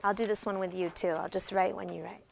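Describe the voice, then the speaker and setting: A woman's voice: fairly low pitch, level tone, fast, creaky, slight background noise. A woman teacher giving classroom instruction, guiding students step by step with patient questions. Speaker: special education teacher.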